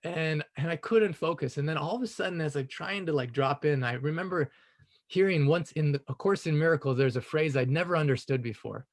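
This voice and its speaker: A man sharing a personal story on a group call, earnest and reflective, often adding "you know" and soft laughs. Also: fairly high pitch, brisk. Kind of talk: casual spoken storytelling.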